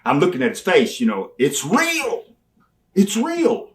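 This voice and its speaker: A man's voice: sits high, a little slow, distant mic. An older man, telling wrestling stories in an interview and acting out old exchanges with gusto. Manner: animated storyteller who acts out quotes loudly. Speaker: interview guest. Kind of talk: storytelling interview.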